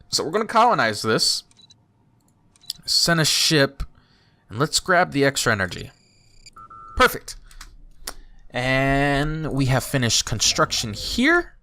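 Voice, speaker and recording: Male YouTuber, let's play commentary; bright tone, swooping pitch, excited outbursts. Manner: chatty, thinking aloud, bursts of excited exclaims. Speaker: YouTuber playing a strategy game.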